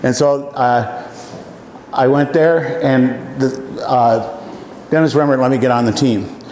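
A man in his seventies, from Iowa, telling folksy personal stories to an audience, often pausing with "uh.". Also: mid-range voice, a little mellow. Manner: folksy, halting with many fillers. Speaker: speaker. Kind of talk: storytelling talk to an audience. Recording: echoey hall, faint room noise.

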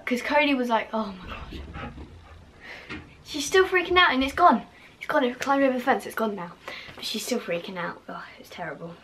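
A woman's voice: high voice, a little fast, hardly any pauses, a bit bright, a little hiss or hum. A young woman vlogging casually to camera, gushing and full of fillers, now and then dropping to a whisper.

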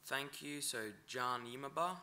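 A man's voice: mid-range voice, sharp tone, a little hiss or hum. A man teaching pronunciation at a conference, breaking each word into syllables. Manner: slow, breaks words into syllables. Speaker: language teacher.

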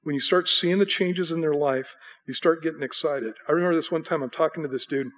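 Middle-aged American male pastor, sermon delivery, animated storyteller, slightly high voice. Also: a little fast. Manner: animated storytelling, acting out voices with bleats and bursts of excitement.

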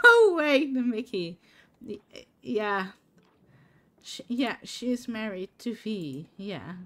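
Lively, slow-talking woman streamer chatting. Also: a little high. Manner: chatty, laughs often, talks to chat by name. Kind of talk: casual live-stream chat while gaming.

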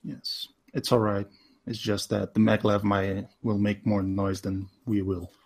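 Husky low guy giving orders in a tabletop game, slow and deliberate. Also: level tone, darkish tone. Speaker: player. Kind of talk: tabletop role-play.

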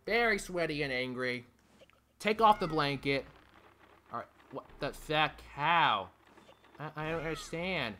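Playing a video game for his channel, this young man talks straight to the game, cursing and begging in exasperation during let's play commentary. He speaks at normal speed in a fairly high, bright, forceful voice with lively intonation.

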